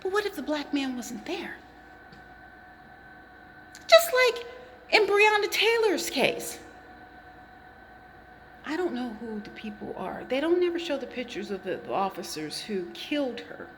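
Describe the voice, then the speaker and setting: A woman's voice: high-pitched, big pitch swings, moderate pace, a bit bright, big-room sound, slight background noise. A woman talking straight to the camera in an impassioned monologue, with emphatic, accusatory phrasing and pointed repetition. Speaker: vlogger.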